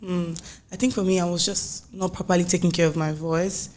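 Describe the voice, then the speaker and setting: A woman's voice: fairly low pitch, a little fast. Chatty young woman singer. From Nigeria. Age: young adult. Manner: chatty, animated storytelling, frequent "like" fillers. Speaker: singer, interview guest. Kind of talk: casual interview chat.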